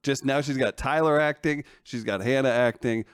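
A man's voice: medium pitch, normal speed, smooth, no echo, studio quality. A man co-hosting a podcast, teasing the guests and reading a promo. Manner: lively, teasing, reads promos. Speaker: podcast co-host. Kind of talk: casual chat.

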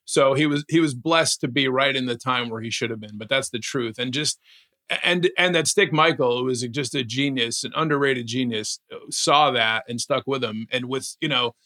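Animated male sports podcast co-host. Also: mid-range voice, moderate pace. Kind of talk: casual sports chat.

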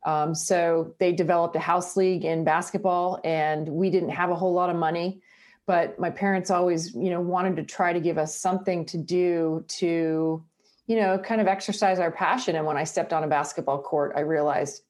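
A Canadian woman, a sports reporter, chatting in a casual interview, telling lively stories and laughing often. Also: on the low side, moderate pace.

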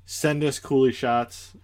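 Male podcast co-host, mid-pitched, hesitant, keeps circling back in loose casual chat. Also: steady tone, takes it slowly. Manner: hesitant, circles back while arguing a point.

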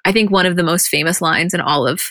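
A young adult woman co-hosting a podcast, retelling scenes in an animated, casual way and swearing freely. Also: lowish voice, fast, dry recording, clean studio sound. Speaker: podcast co-host. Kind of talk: casual recap chat.

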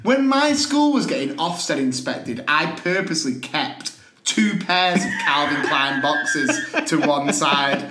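A man's voice: a little high, animated, slow pace, sharp tone, slight background noise. A man co-hosting a casual podcast, breaking into laughing mock rants. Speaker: podcast co-host and teacher. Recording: echoey room.

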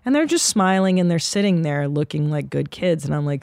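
A woman hosting a comedy podcast, telling rambling, profane anecdotes in a casual, animated way. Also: low voice, fairly quick, gravelly.

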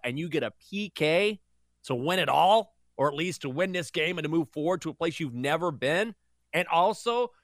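A man co-hosting a sports talk show, giving playful opinions in a relaxed way. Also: medium pitch, dry recording, studio quality. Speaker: co-host.

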